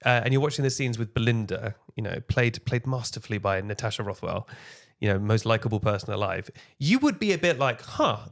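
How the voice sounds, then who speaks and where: Animated man co-hosting a podcast. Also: lowish voice, fairly quick, creaky. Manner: animated, jokey, tries silly accents. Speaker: podcast co-host. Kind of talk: casual chat.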